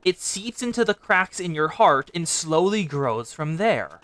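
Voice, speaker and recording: A game streamer talks to chat in casual, rambling commentary, at a middling pitch. The talk skips between reactions to the game and long asides, with frequent restarts along the way. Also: sing-song, measured pace, a bit bright, no room sound. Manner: chatty, rambling, addresses chat.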